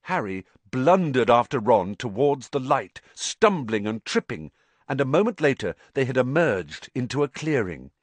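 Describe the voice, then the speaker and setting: A man reading a story aloud as an audiobook narrator in an expressive, dramatic way. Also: medium pitch, dry recording.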